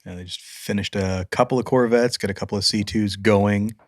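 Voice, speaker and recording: A man with a low voice co-hosts a relaxed podcast, easygoing and a little halting as he talks. The recording is close and dry. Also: no room sound. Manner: easygoing, brief, hesitant with fillers. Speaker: podcast co-host. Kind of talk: casual podcast banter.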